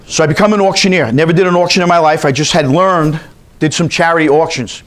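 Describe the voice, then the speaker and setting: A man's voice: on the high side, fairly even intonation, fast talker. A man from New York teaching a continuing education class, telling chatty stories and quizzing his audience. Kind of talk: storytelling lecture to a class.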